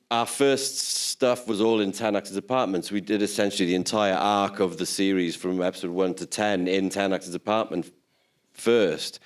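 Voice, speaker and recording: A man telling casual anecdotes as a guest in a press Q&A, easygoing and quick to laugh. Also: low-pitched, clear, resonant tone. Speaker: actor guest.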